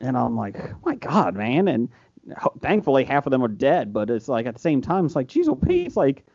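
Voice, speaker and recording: A man's voice: medium pitch, animated, a little fast, a little mellow, slightly rough, dry recording. A man from the Cincinnati area co-hosting a podcast, telling stories in casual chat, swearing and laughing as he goes. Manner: storytelling, swears, laughs through his talk. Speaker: podcast co-host. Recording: dry, dull lo-fi sound.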